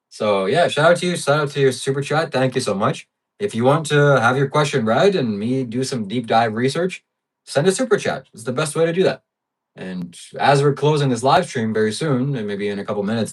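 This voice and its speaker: A man hosting a livestream reads out viewer donations in blunt, brash casual chat laced with profanity. His mid-range voice sounds far from the mic.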